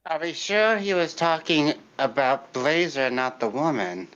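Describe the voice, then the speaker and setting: A player in a casual tabletop game, eager and quick with questions, heard through a slightly dull lo-fi mic. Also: medium pitch, lively intonation, fairly bright tone.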